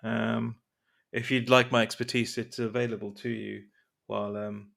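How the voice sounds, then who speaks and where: A man playing a tabletop game, speaking in character in a halting, formal way. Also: mid-range voice, level tone, creaky, a bit bright. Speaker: player voicing a librarian. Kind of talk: in-character tabletop role-play.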